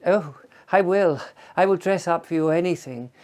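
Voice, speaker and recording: A woman's voice: fairly low pitch, moderate pace, a little mellow, pitched above the performer's own voice, lightly acted. A man voicing a lovestruck posh English woman who gushes and swoons over her lover. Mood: swooning. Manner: swooning, theatrical.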